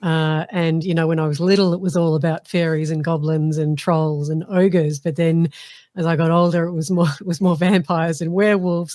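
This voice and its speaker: A woman's voice: on the low side, darkish tone, dry recording, studio quality. Giggly Australian woman guest. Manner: giggly, chatty. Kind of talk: casual chat.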